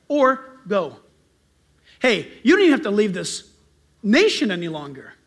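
Lively high-voiced man preaching a sermon. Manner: animated storytelling, acting out greetings in a loud high voice. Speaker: pastor.

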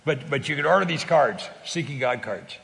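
A man's voice: medium pitch, animated, moderate pace, vocal fry, fairly bright tone, long reverb tail. An older man from California telling faith stories in an earnest, conversational way, often repeating words and laughing easily. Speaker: guest speaker on faith sharing. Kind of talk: conversational testimony.

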